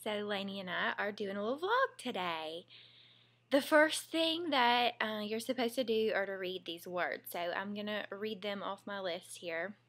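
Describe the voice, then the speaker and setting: A woman's voice: mid-range voice, lively intonation, normal speed, fairly bright tone. Young woman, Southern US accent, casual vlogger, giggly and chatty. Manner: chatty and giggly, drawling asides. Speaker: mom vlogger, former teacher. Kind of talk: casual home vlog, reading a word list.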